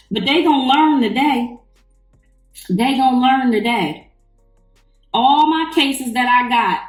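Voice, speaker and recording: A woman's voice: fairly high pitch, distant mic. A middle-aged woman ranting bluntly and profanely to her live-stream followers while sitting in the bath. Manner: blunt, profane, heated storytelling. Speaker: livestreamer. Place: bathroom, in the tub. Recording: echoey bathroom, away from the mic.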